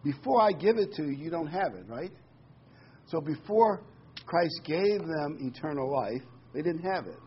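A man's voice: on the high side, lively intonation, measured pace, lo-fi sound, slight background noise. Earnest male preacher teaching scripture. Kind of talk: sermon.

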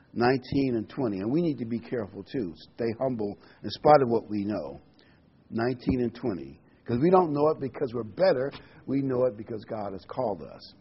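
In a dull, lo-fi recording, a male pastor leads a Bible study sermon in a breathy, medium-pitched voice. He reads passages of scripture, tells jokes, and leans hard on key words.

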